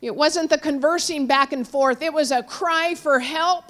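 A woman preaching in a slightly high voice. She tells a story with strong swings, rising loud and high for the cries, then sinking to soft, low murmurs. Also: unhurried. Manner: storytelling, dramatic swings from loud cries to hushed near-whispers; quotes figures in raised voices, drops low and soft on God. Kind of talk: sermon.

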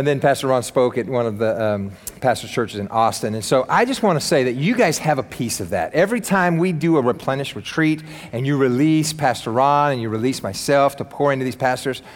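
In a church sanctuary, a male pastor preaches to his congregation with easygoing enthusiasm, joking with the room between points. His mid-range voice carries a little hiss or hum and the long reverb of a large hall.

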